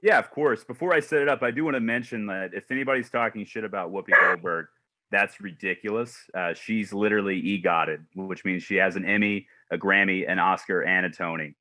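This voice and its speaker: A man's voice: deep voice, fairly even intonation, fairly quick, bright, forceful tone, no echo. A man co-hosting a comedy show, blunt and casually swearing. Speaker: co-host.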